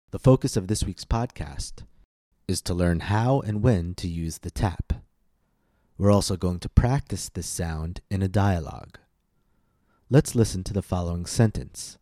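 A man giving a scripted pronunciation lesson as a coach, speaking slowly and enunciating carefully. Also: low voice, dark tone, no echo, studio quality. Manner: slow, careful, clearly enunciated. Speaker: accent coach.

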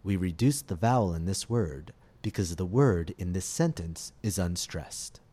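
A man teaching English pronunciation in a scripted podcast lesson, speaking slowly and articulating each word clearly. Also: sits low, lively intonation, mellow. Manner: slow, deliberate, clearly articulated delivery.

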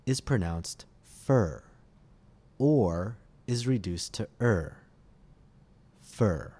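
A man teaching English pronunciation in a scripted podcast lesson, speaking slowly and articulating each word clearly. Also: sits low, a little mellow. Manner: slow, deliberate, clearly articulated delivery.

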